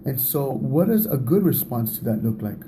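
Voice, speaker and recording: A man's voice: mid-range voice, sing-song, moderate pace, background noise. A man giving a casual talk on relationships, speaking in a conversational way, often repeating words and laughing at himself.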